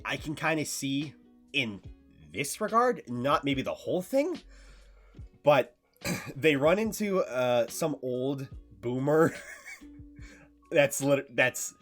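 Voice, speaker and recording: Male streamer, casual recap, lively swinging pitch, cursing, lots of ums, faint music behind. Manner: loose and profane, halting with many fillers.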